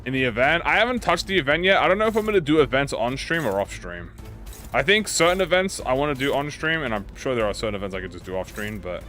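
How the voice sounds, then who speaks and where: Male game streamer, casual chat, animated pitch, swears, stammers and restarts, faint music behind. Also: quick pace. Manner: rambling, profane, with stammered restarts.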